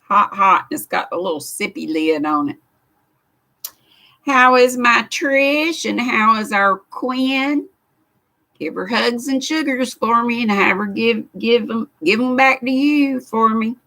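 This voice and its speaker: A livestream host from the United States, an older woman with a Southern accent, chats casually from her craft room, greeting viewers by name and reading their comments in a homespun style. Her voice is fairly high, bright and forceful, at a measured pace.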